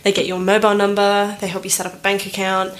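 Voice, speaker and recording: A woman's voice: medium pitch, completely flat delivery, fast talker. Giggly young woman. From Australia. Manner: giggly, chatty, lots of "like". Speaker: guest. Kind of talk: casual interview chat.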